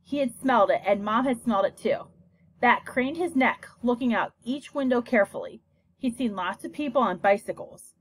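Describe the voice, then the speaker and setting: A woman narrating a children's novel with an expressive, even-paced reading. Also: a little high, moderate pace, slightly rough. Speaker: audiobook narrator. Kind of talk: scripted storybook narration.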